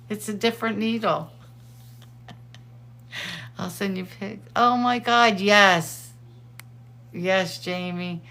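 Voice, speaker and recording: A middle-aged woman hosting, chatting with friends in a casual, excitable way and laughing often. Her talk is unhurried and drawn out. Her pitch sits in the middle of the range. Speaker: host. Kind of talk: casual chat.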